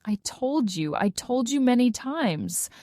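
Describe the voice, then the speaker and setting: A woman's voice: a little high, big pitch swings, slow pace, a little mellow, no echo. A woman reading a teasing father. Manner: dry, teasing. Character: teasing, good-humored father.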